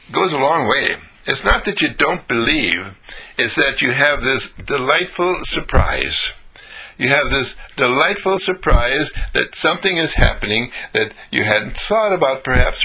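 An inspirational speaker gives a motivational monologue, acting out delighted, surprised exclamations. His mid-range voice is lively and swooping, with a breathy edge.

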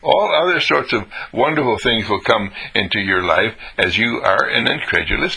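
A man giving a motivational monologue, acting out delighted, surprised exclamations in a lively, swooping voice. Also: lowish voice, moderate pace, vocal fry, few pauses, breathy edge. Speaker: inspirational speaker.

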